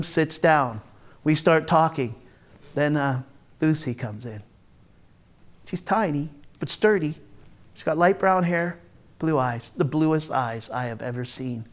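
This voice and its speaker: A man performing an autobiographical one-man stage monologue, wry, confessional and blunt, with frequent profanity. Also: fairly high pitch. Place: theatre stage.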